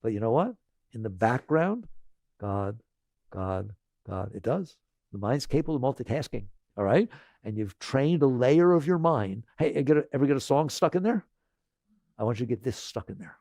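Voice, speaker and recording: Gravelly man giving a spiritual talk. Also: medium pitch, very animated, no room sound, clean studio sound. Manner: conversational, tags lines with "right?"; repeats phrases slowly and gently. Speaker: spiritual teacher.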